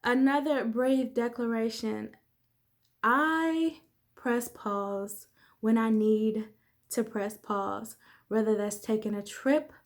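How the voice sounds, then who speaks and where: A woman life coach in her thirties, talking candidly and conversationally to viewers in a motivational vlog. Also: a little high. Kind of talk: casual motivational vlog talk.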